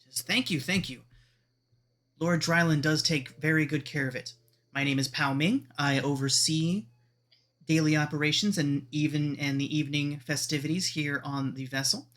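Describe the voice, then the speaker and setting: A man's voice: fairly high pitch, steady tone, moderate pace, fairly bright tone, close to an everyday voice. A man voicing a gracious female hostess who oversees a riverboat casino, speaking politely and formally. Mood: welcoming.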